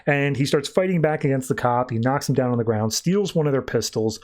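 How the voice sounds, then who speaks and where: A man's voice: medium pitch, fairly quick, a little mellow. A young man hosting a podcast, recapping comics casually and slipping into quoted voices. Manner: laid-back, lots of "like" and quoted voices. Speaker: podcast host.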